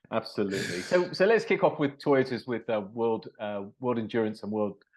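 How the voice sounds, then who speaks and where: Man, mid-pitched voice, tired, wry, laid-back, casual podcast co-host. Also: lively intonation, normal speed, a little mellow. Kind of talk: casual motorsport chat.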